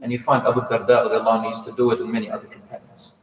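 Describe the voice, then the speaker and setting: A man's voice: lowish voice, little pitch movement, racing. A man with a British accent telling a story in a sermon, acting out the dialogue with joking asides. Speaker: preacher. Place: mosque hall. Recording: echoey hall, distant mic, dull sound.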